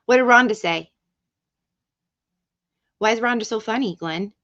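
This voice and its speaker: A woman hosting a casual livestream, talking slowly and loosely. Her voice sits a bit high, and she swears freely as she reads comments aloud. The sound is dull and lo-fi, like a basic streaming setup. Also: fairly bright tone. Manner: chatty and profane, reads chat aloud, drifts off-mic. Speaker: livestream host.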